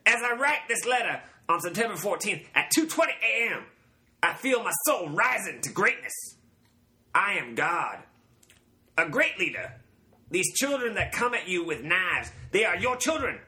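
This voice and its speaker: A man doing a comic impression of a grandiose, menacing older male cult leader, in a strained, theatrical voice pushed well above his normal pitch. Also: big pitch swings, moderate pace, sharp tone, heavily acted.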